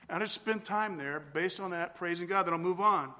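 Man pastor, high bright voice, earnest sermon, long church reverb. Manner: earnest, deliberate, slipping into spoken prayer. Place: church sanctuary.

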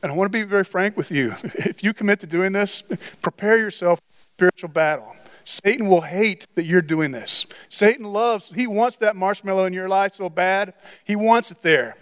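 A man's voice: high-pitched, normal speed, fairly bright tone. A pastor preaching a sermon in church, earnest and repetitive, often restarting his phrases.

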